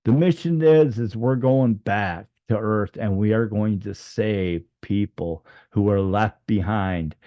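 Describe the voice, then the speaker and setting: A man's voice: fairly low pitch, slow pace, hardly any pauses, no room sound, dull audio. A man telling a personal story in a rambling way, full of fillers and restarts. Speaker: near-death experience storyteller.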